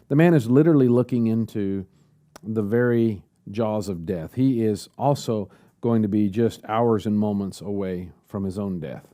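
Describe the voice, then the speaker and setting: A man's voice: lowish voice, unhurried, warm tone. A man preaching a sermon at a church service, asking the congregation rhetorical questions.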